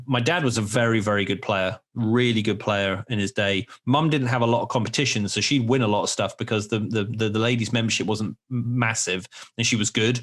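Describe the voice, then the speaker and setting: A man's voice: lowish voice, steady tone, a little fast, few pauses. A man in his forties hosting a podcast, telling candid, rambling stories in casual chat with some swearing. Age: 40s. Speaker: podcast host.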